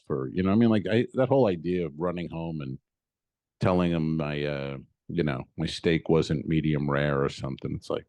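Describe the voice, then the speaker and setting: A man co-hosting a comedy podcast, retelling a frustrating errand in an animated, swearing, storytelling way and acting out both sides of the exchange. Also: deep voice, a little fast, no room sound. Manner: swears casually, laughs often. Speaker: podcast co-host.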